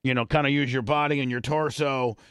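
A man's voice: medium pitch, fairly even intonation, a little fast, a bit bright, smooth, no echo. A middle-aged man on a podcast, telling a crude story in a rambling way, full of restarts. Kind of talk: casual chat.

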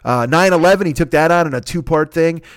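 A man's voice: fairly high pitch, quick pace, clear, resonant tone, dry recording, studio quality. A man hosting a podcast, rattling off plugs and sponsor reads in a loose, rambling, profane way with frequent self-corrections. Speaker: podcast host.

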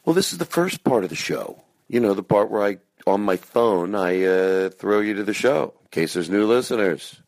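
A man's voice: on the low side, expressive, moderate pace, few pauses, a little mellow. Man rambling playfully into his phone. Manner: playful, silly, rambling asides. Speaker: podcast host. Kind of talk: casual comic intro. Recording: phone-recorded, dry.

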